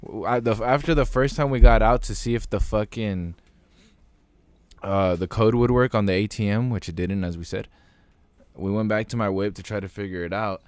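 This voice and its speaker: A man's voice: on the low side, moderate pace, darkish tone, clean tone, dry recording. A man co-hosting a casual podcast, talking in a laid-back, slangy and joking way. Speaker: podcast co-host. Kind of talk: casual chat.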